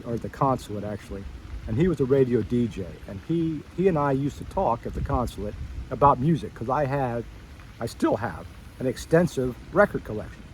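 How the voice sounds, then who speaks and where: A man's voice: medium pitch, a little hiss or hum, poor audio. Man telling a school memory. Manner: storytelling, acts out his own past reactions with rising excitement; wandering, self-correcting asides. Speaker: former student addressing a school reunion. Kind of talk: personal reminiscence to old classmates.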